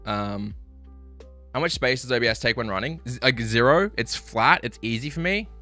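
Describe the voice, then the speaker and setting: A man ranting on a live stream, frustrated and swearing, apologizing, swinging between loud outbursts and low muttering. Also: lively intonation, moderate pace, faint music behind.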